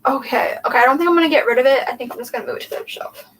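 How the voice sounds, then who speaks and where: A young booktube host talks very fast in a high-pitched, slightly bright voice, rambling and thinking aloud while she reorganizes her bookshelves at home. Her casual livestream chat is packed with "like" and "um," recorded on a distant mic with faint background noise.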